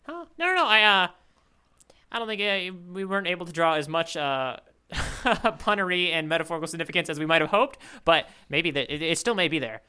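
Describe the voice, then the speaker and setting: A man's voice: a little high, lively intonation, fairly quick, pushed and bright, clear, resonant tone. A man co-hosting a podcast, musing aloud in casual chat, trailing off and restarting his thoughts. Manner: rambling, self-interrupting, musing aloud. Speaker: podcast co-host.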